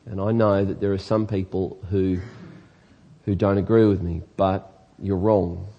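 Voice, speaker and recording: A man's voice: sits low, flat delivery, a little slow, muffled recording. A man with an Australian accent, preaching a sermon earnestly and emphatically, asking his congregation rhetorical questions. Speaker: pastor.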